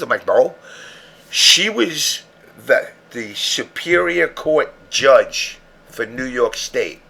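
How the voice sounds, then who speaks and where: A man's voice: mid-range voice, animated, slow, vocal fry, sharp tone. A man hosting a podcast, telling long profane stories in casual chat. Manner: profane, rambling storyteller. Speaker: podcast host.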